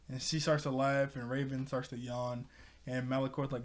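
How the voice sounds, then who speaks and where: A man's voice: mid-range voice, little pitch movement, normal speed. Rambling, laughing man recapping a cartoon. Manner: rambling, laughs often, lots of fillers. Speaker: cartoon episode reviewer. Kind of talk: casual episode recap.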